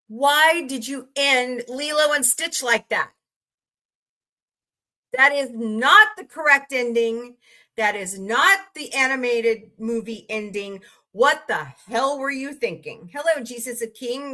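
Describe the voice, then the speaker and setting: Speaking at a normal speed in a slightly high, bright voice with a forceful edge, a woman runs a casual livestream. She greets viewers by name, chats with the live chat, and goes off about entertainment news.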